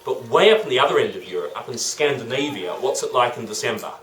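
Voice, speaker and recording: A playful man tells a legend to a group of children and keeps asking them questions. His pitch leaps and dips constantly. He is recorded from a distance in a reverberant room with faint background noise. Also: expressive, quick pace, fairly bright tone. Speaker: storyteller to children. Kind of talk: lively storytelling for children.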